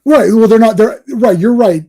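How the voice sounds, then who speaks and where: A man co-hosting a casual podcast chat, talking in an animated, ranting way and laughing often. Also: sits high, moderate pace, a crowd in the background. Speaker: podcast co-host.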